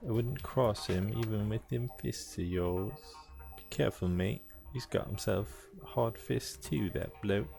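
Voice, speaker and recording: A man's voice: fairly low pitch, unhurried, gravelly, darkish tone. A man voicing a gossipy, sly male townsman with a mock British accent and slangy, folksy talk. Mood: warning. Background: game music.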